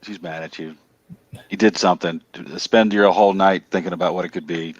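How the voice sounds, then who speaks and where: A man's voice: low voice, fairly even intonation, fairly quick, no room sound, dull audio. A man on a podcast, teasing and wisecracking in a casual chat.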